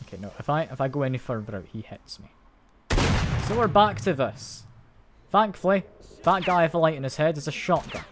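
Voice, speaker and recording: A man's voice: fairly high pitch, animated, brisk, noisy background. A man giving live commentary while playing a shooter game, thinking aloud and making wry, self-mocking jokes. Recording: loud game gunfire and ambience behind voice.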